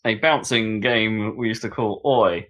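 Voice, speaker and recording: A man co-hosting a casual gaming podcast, chatty and quick to laugh, often trailing off and restarting. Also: fairly low pitch, fairly bright tone. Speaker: podcast co-host. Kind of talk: casual chat.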